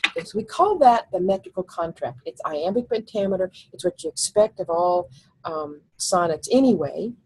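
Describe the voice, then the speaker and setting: A woman teacher giving a recorded slide lecture, explaining step by step and thinking aloud, slowing down when she reads lines of verse. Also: on the low side, gravelly, darkish tone, breathy edge, low-quality recording.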